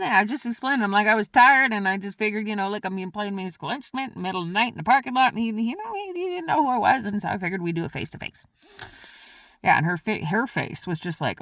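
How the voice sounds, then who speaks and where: A woman vlogger tells a rambling story in a casual way and acts out her own past lines. Her pitch swings widely and her voice has a gravelly, creaky edge. The sound is close and dry. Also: expressive, brisk, fairly bright tone, no echo.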